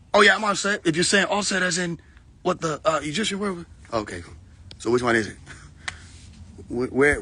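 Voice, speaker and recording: A young man talking into his phone on a live stream, ranting in a loose, mocking way and laughing often. His pitch swings widely from line to line, with a faint hiss behind him. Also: a bit bright. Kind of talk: casual live-stream rant.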